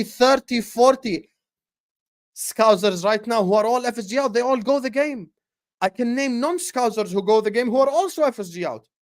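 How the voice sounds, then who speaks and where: A football fan channel host runs an animated, fired-up livestream rant, his voice pitched a bit higher than most men's. He speaks passionately to his chat, shouts out viewers, and trips over repeated words as he gets going.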